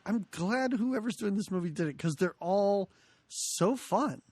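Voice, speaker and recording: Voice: mid-range voice, measured pace, dry recording. A podcast co-host chatting casually about a movie, laughing often and acting out lines from it. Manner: animated, laughing, acts out quotes.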